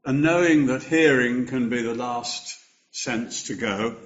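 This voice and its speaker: Older male preacher, mid-pitched, unhurried, emphatic delivery, muffled recording. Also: fairly bright tone. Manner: slow, measured preaching with emphatic rises. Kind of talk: sermon.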